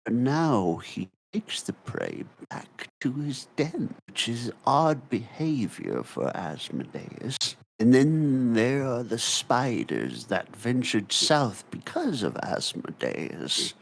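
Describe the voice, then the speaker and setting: A man's voice: mid-range voice, very animated, takes it slowly, creaky, hardly any pauses. A man narrating a tabletop game as game master over voice chat. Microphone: online voice chat.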